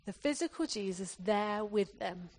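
A woman's voice: mid-range voice, animated, unhurried, darkish tone. A woman preacher from England giving an earnest sermon, often restarting her phrases as she exhorts the congregation.

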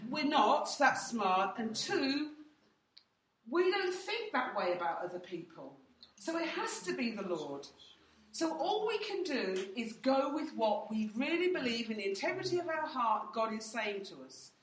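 A woman's voice: high-pitched, very animated, unhurried. A woman leading a church training session, speaking directly and acting out what people say in her own stories. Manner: direct, anecdotal, acts out quotes. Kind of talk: teaching with personal stories. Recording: echoey room from far off.

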